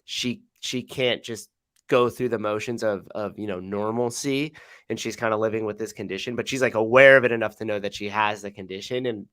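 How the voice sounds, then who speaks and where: Reflective podcast co-host, lots of "like". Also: male voice, on the low side, fairly even intonation, fairly quick, fairly bright tone, no echo. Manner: reflective, heavy on "like", casual swearing. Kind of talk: casual podcast chat.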